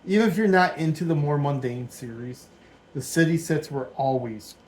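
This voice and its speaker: A man's voice: a little high, moderate pace, a little mellow, a little hiss or hum, poor audio. A man in his forties giving casual, rambling commentary while he builds a Lego set at home, thinking aloud as he goes. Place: dim room at home.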